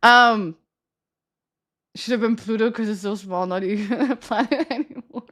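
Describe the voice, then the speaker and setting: A young woman with a slightly high voice and a light lisp from a retainer tells stories to her stream viewers. She rambles and giggles through them, with plenty of ums and likes. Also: moderate pace, fairly bright tone. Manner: giggly, rambling storytelling with many fillers. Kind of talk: casual chat to stream viewers.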